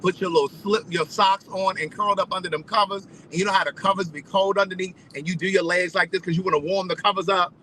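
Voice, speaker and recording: A man telling a story in a casual, animated, profane way, repeating phrases for emphasis. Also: sits high, fast talker, hardly any pauses, slight background noise, low-quality recording. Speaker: vlogger.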